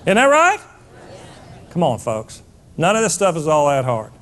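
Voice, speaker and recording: Brief: middle-aged male motivational speaker, high-pitched, blunt and emphatic, lively swings in pitch, on stage. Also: normal speed, some chatter behind. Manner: blunt, emphatic, addresses the audience as folks. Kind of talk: keynote speech. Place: stage before a live audience.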